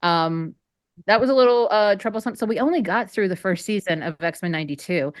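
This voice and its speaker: A woman's voice: medium pitch, animated, a little fast, dry recording, clean studio sound. A woman joining a panel over a video call, chatty and bubbly, with many fillers. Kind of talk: casual chat on a video call.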